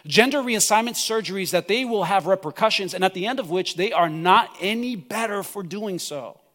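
A pastor delivers an impassioned sermon in a fairly high voice, rising to pleading cries and dropping to near-hushed stretches. His words ring out with a long reverb from a church hall. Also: expressive, moderate pace.

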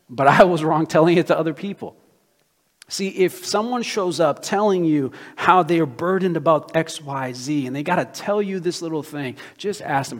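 A man preaching a sermon as pastor, with an emphatic, animated delivery and many rhetorical questions. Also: fairly high pitch, moderate pace. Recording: long hall reverb.

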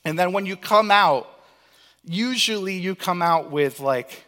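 A young man from Cape Cod preaching a sermon as pastor, telling lively stories and acting out the lines he quotes. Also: sits high, a little slow. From Cape Cod, Massachusetts. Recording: long hall reverb.

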